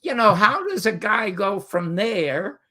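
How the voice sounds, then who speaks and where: A man's voice: sits high, sing-song, a little slow, pushed and bright. An older man from Canada, a guest telling rambling anecdotes full of fillers and restarts in casual conversation. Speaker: guest storyteller.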